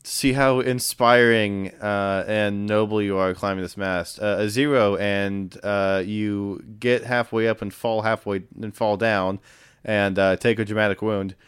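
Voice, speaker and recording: A man narrating as game master in a tabletop game, relaxed and full of fillers. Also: lowish voice, unhurried, clear, resonant tone, no room sound, clean studio sound.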